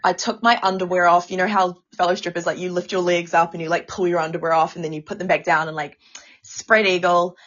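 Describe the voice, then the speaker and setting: A woman's voice: fairly low pitch, flat delivery, fast, a bit bright, highs cut off. A woman co-hosting a casual podcast, talking with feeling, stammering and swearing a lot. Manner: emotional, stammering, swears often. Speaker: podcast co-host.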